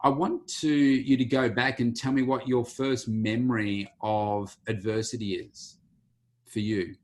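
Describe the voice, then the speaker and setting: An Australian man hosting an interview, asking questions in a halting way with many restarts. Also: medium pitch, fairly even intonation. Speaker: podcast host, interviewer.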